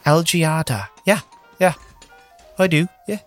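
A man's voice: a little high, lively intonation, slow, soft background music, pitched above the performer's own voice. A man voicing an eager young male ship engineer who stammers and gushes with thanks. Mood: flustered. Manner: stammering, gushing.

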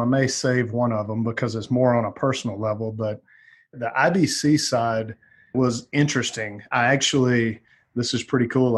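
Husky Southern man telling stories. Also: mid-range voice. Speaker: podcast guest. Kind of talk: casual storytelling.

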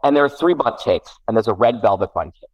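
A man's voice: fairly low pitch, fast talker, dry recording, dull audio. Man telling a rambling family story. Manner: rambling, self-correcting, animated. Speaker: guest parent. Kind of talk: casual storytelling.

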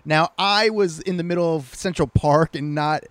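A man co-hosting a podcast, telling stories in an animated, teasing way. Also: fairly high pitch, normal speed, clear, resonant tone, no room sound. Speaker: podcast co-host. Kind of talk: casual chat.

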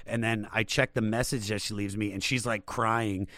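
A man's voice: on the low side, steady tone, normal speed, a bit bright, dry recording, studio quality. A man hosting a podcast, casually telling a rambling, profane story. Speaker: podcast host.

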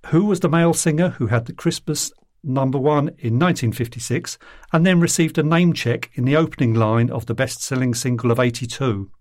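A man's voice: medium pitch, darkish tone. A man reading out pop quiz questions and answers with a jokey, showman-like delivery. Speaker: quiz writer.

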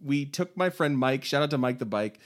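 A man in casual chat, telling lively stories and laughing along. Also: mid-range voice, brisk. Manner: animated storyteller, laughs a lot.

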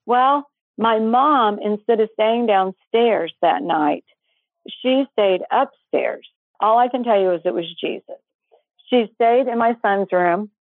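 A mid-range voice carries this middle-aged woman's heartfelt personal story, told as an interview guest. She's earnest and breathless and acts out other people's words. The thin, phone-like line has no room sound.

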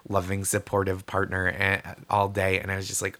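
A man being interviewed, telling warm, animated personal anecdotes with laughing asides. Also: sits low, normal speed. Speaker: comedian guest. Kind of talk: interview storytelling.

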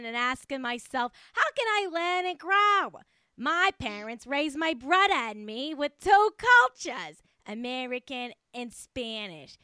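A woman's voice: sits high, pushed and bright, no room sound, clean studio sound, full character voice. A woman faking a broad Boston accent. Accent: put-on Boston accent. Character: woman reading an apology in a put-on Boston accent.

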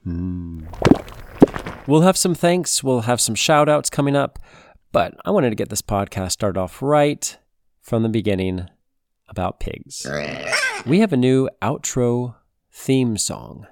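Gravelly-voiced goofy man hosting a podcast. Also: medium pitch, animated, slow, darkish tone, no room sound. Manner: goofy, punning, chatty asides. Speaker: podcast host. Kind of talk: playful kids' animal-facts podcast.

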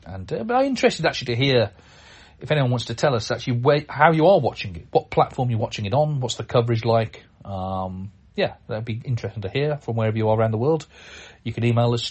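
A man's voice: medium pitch, husky. A man hosting a podcast, talking in a chatty, rambling way with frequent restarts and a dry sense of humour. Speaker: podcast host. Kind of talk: casual podcast commentary.

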